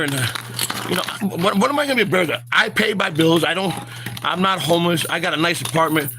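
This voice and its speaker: A man hosts a loose walk-and-talk vlog, rambling along with plenty of fillers and words repeated as he restarts. His voice sits a little higher than most men's. It is caught on a handheld phone outdoors, with a faint hiss of noise behind him. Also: animated, fairly quick, sharp tone. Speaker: vlog host.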